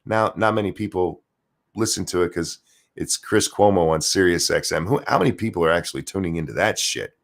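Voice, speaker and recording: A man's voice: deep voice, expressive, fairly quick, creaky. A man hosting a livestream, ranting profanely and sarcastically while reading chat comments. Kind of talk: political rant livestream.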